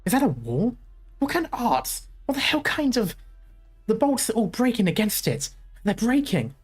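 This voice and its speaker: A woman's voice: fairly high pitch, sing-song, moderate pace, breathy edge, faint music behind, voice pushed up. A woman voicing a violent, panicky soldier who barks harsh orders while reading a game's story aloud. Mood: panicked. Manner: shouted orders, harsh and frantic.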